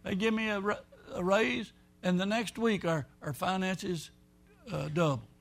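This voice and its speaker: A pastor preaching a folksy, rambling sermon, swinging between loud and soft. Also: male voice, sits high, unhurried, creaky, soft background music.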